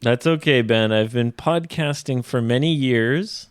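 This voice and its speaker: A man co-hosting an English-learning podcast, talking casually, slowly and clearly, explaining phrases as he goes. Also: medium pitch, dry recording, studio quality. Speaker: podcast co-host and English teacher.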